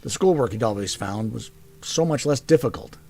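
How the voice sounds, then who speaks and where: Gravelly male storybook narrator. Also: medium pitch, normal speed. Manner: expressive, varied delivery. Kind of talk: storybook reading.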